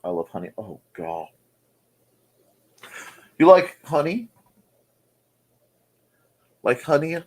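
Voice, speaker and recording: A man's voice: fairly high pitch, sing-song, a little slow, long pauses, darkish tone. A man hosting a casual livestream chat from home, playful and chatty as he reads comments. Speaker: host. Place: home room.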